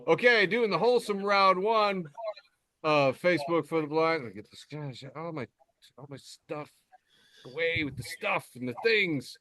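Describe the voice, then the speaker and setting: A man's voice: on the high side, expressive, moderate pace, sharp tone, no echo. A man hosting a podcast in casual chat, enthusiastic and cheering between segments. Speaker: podcast host.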